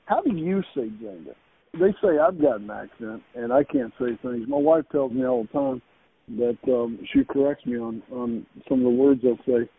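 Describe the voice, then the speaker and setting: A man's voice: mid-range voice, very animated, moderate pace, gravelly, husky. A man hosting an interview, effusive and praising, often stammering and repeating words. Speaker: host, company executive. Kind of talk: casual interview chat. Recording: tinny phone-like call audio.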